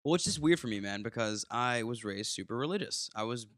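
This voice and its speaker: A man's voice: mid-range voice, lively intonation, a little fast, fairly bright tone, no room sound, studio quality. A man in his twenties co-hosting a casual podcast, talking crudely with lots of swearing and rambling asides. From United States. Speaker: podcast co-host. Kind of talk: casual drunk podcast chat.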